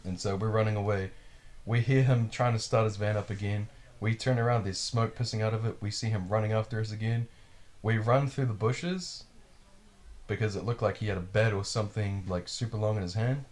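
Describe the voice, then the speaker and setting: Podcast host, man, lowish voice, loose, swearing storyteller who acts out the people in his story. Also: brisk. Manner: profane, animated, acts out quotes. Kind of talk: casual storytelling.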